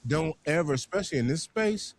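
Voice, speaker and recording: A man hosting a community podcast, talking in an animated, emphatic way and often repeating words as he gets going. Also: a little high, brisk, no echo. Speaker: podcast host. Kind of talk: casual panel conversation.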